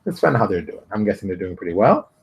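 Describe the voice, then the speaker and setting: A man's voice: lowish voice, very animated, quick pace, gravelly, a little hiss or hum. A middle-aged man hosting his own daily online show, chatting casually with joking asides and dramatic outbursts that drop into mutters. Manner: joking, theatrical asides, swings between loud outbursts and mutters. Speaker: show host.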